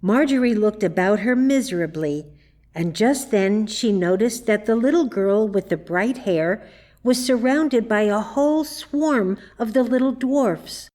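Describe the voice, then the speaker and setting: A woman reading a children's story aloud in measured, gentle narration. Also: mid-range voice. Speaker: reader. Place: church.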